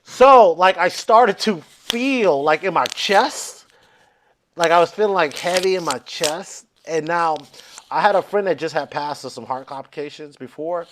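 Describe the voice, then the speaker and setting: Man, high-pitched, comic storyteller, acts out quotes, swears a lot. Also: a little slow, fairly bright tone, a little hiss or hum. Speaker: comedian guest. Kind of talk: storytelling on a comedy podcast.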